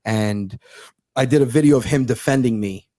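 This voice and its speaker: A man in his thirties, a comedian telling stories in a fast, profane, sarcastic casual chat. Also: medium pitch, mellow, dry recording, studio quality. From United States. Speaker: comedian guest.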